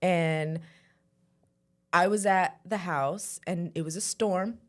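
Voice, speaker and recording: A young adult woman co-hosting a podcast, telling stories in a casual chat and acting out quotes. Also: slow. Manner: animated storyteller, acts out quotes with squealing high voices. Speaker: podcast co-host.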